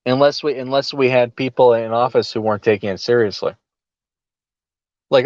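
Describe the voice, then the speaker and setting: A man's voice: mid-range voice, moderate pace, pauses often, darkish tone, dry recording, lo-fi sound. A man co-hosting a political podcast, talking casually with a sarcastic, mocking edge and frequent laughs. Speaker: podcast co-host.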